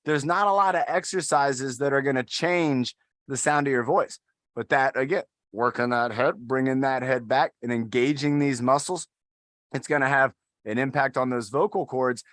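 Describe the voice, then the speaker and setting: A man's voice: mid-range voice, normal speed, fairly bright tone, no echo, studio quality. A man instructing an adaptive fitness class, talking in an upbeat, encouraging way and counting down the holds. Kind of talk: guided workout instruction.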